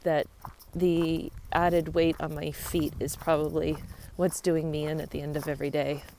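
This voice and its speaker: A woman's voice: sits low, little pitch movement, moderate pace, creaky, warm tone, a little hiss or hum. A woman chatting upbeat and easily into a handheld phone while walking outdoors on a rural trail, laughing easily. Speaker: vlogger on a long-distance walk. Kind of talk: casual travel vlog.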